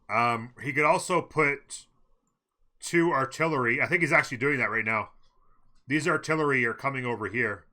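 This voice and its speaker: Man, live-stream game commentary, very bright tone, relaxed and musing, mid pitch. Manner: relaxed, thinking aloud with fillers, eating while talking.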